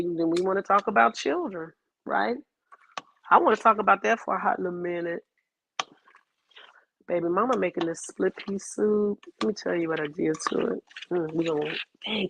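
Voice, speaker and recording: A woman's voice: medium pitch, a little fast, creaky, a little hiss or hum. A woman vlogger talking in a casual commentary style, emphatic and dramatic, with heavy swearing.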